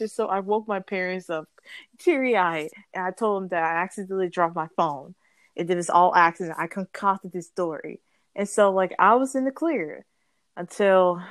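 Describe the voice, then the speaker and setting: A woman's voice: mid-range voice, no room sound. A young woman telling a story in a bubbly, rambling way, often correcting herself and giggling. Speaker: guest storyteller. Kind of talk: casual storytelling.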